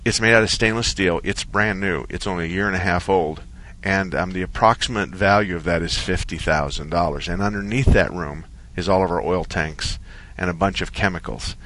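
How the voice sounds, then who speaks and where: A man hosting a call-in radio show about cars, telling a long story in a relaxed, rambling way. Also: deep voice, fairly quick, hardly any pauses, slight background noise. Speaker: radio car-advice show host. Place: radio studio.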